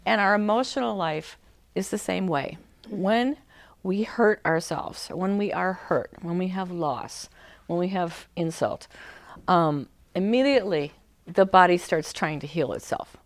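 A woman giving a conversational talk about emotional healing. She speaks with many fillers and restarts, and she sometimes acts out a crying child in a high shout. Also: a little slow, no echo. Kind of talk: talk to a small group.

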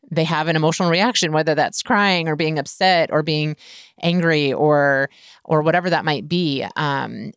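Low, smooth-voiced woman talking casually. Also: no echo, clean studio sound. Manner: conversational, many filler words. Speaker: scoliosis care provider and podcast host. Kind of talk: casual advice monologue.

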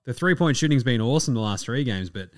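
A man's voice: mid-range voice, animated, fast talker, no room sound, clean studio sound. A man hosting a sports podcast, ranting bluntly and swearing freely. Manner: blunt, profane, opinionated. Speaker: podcast host. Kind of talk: casual sports podcast rant.

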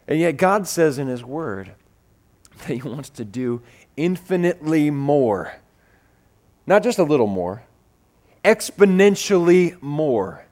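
A man preaching with a slightly higher-than-usual voice, animated and building through repeated phrases. He mixes teaching with storytelling and puts on voices for the people in his stories. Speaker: pastor. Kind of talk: sermon with personal storytelling.

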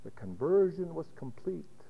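Slow dramatic male pastor's sermon, long pauses, echoey hall, muffled recording. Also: fairly high pitch, sing-song, gravelly, breathy edge.

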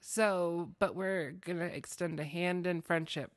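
A woman's voice: fairly low pitch, unhurried, no room sound, clean studio sound. A woman co-hosting a podcast, chatting casually and retelling a story with lots of fillers. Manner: chatty, animated, many fillers. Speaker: podcast co-host.

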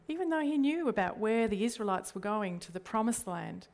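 A woman's voice: medium pitch, a little fast, darkish tone. Australian woman preaching with earnest questions. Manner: earnest, leans on rhetorical questions. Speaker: church leader. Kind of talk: sermon.

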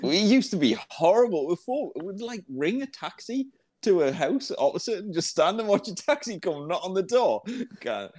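A man in his thirties tells rowdy stories with a fairly high voice that swoops up and down constantly. He swears a lot and sounds incredulous at everything, his delivery bouncing with energy. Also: moderate pace. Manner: animated, sweary, incredulous storyteller. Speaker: podcast co-host. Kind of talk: casual chat.

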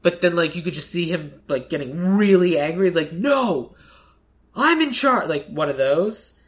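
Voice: mid-range voice, moderate pace. A podcast co-host in casual chat, rambling with lots of fillers and acting out quoted lines.

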